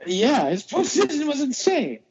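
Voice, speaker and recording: A man's voice: very high voice, wildly swooping pitch, moderate pace, a little mellow. A man from the Boston area, a podcast guest in casual sports chat, rambling and easygoing with restarts. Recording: dull lo-fi audio.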